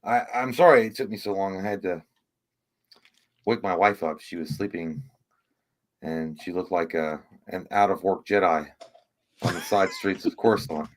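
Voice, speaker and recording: A laid-back man co-hosting a casual livestream, joking easily and stumbling through fillers. His voice sits somewhat low. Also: normal speed, long pauses. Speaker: podcast co-host.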